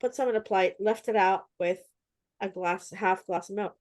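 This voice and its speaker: A woman's voice: mid-range voice, fairly even intonation, moderate pace, darkish tone, dry recording. A woman telling stories in casual chat, acting out her own reactions with animation. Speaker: host.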